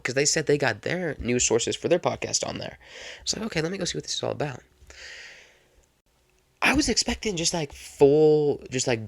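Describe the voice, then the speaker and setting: A man's voice: mid-range voice, a bit bright, dry recording, studio quality. A young man hosting a casual solo podcast, rambling chattily and repeating his phrases. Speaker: podcast host.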